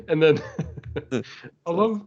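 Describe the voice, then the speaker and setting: A man's voice: on the high side, lively intonation, very slow. A man hosting a podcast, casually recapping a comic book with frequent laughter, recorded with slightly muffled sound. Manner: laughs often, rambling recap. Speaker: podcast host.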